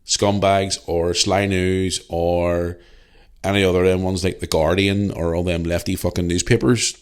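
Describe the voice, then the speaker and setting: Deep-voiced Northern Irish man, blunt. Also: measured pace, clear, resonant tone. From Northern Ireland. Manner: blunt, heavily swearing, animated storyteller. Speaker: podcast host. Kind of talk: casual storytelling.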